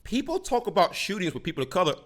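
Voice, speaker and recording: A man's voice: sits high, huge pitch swings, fast talker, slight background noise. A man hosting a reaction commentary, ranting with indignant, profane outbursts. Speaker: commentary host.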